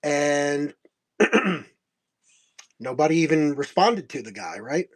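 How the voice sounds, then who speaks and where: A middle-aged man with a slightly high voice tells a story in a loose, casual way. He rambles, chuckles often and acts out the lines of the people in his story. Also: animated, slow. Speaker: host of a comics selling stream.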